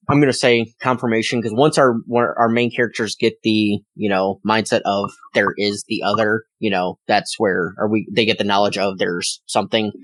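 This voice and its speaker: A man co-hosting a podcast, chatting casually in a relaxed, rambling way and reading passages aloud. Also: on the low side, no room sound, rough recording. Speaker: podcast co-host, longtime fan.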